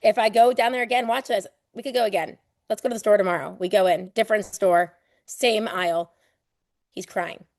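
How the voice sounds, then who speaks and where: A woman's voice: medium pitch, steady tone, brisk, a little mellow, no echo, studio quality. A woman running a live online exam prep class in a loose, playful way. She acts out everyday examples and swears casually.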